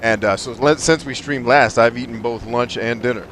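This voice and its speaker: A man's voice: medium pitch, moderate pace, fairly bright tone, a little hiss or hum. Blunt, profane man ranting on stream. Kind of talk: live game stream commentary.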